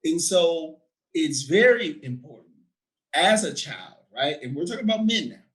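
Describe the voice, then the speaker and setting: A man in his thirties talking in an animated, chatty way, laughing and checking in often with his listener. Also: fairly high pitch, moderate pace, rough recording. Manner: animated, laughing, frequent "right?" tags. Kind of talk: casual conversation.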